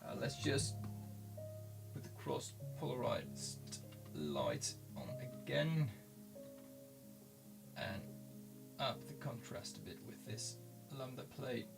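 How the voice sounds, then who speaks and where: A man casually commenting in his studio as he looks at his handmade pigments, halting and restarting often. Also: medium pitch, big pitch swings, gravelly, over music. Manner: rambling, halting, many restarts. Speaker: pigment maker filming his studio work. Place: home studio.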